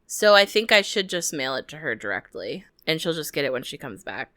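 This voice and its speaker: A man's voice: fairly high pitch, sing-song, fairly quick, sharp tone. A man co-hosting a podcast, chatting casually and thinking aloud in a reflective way. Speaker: podcast co-host. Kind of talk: casual chat.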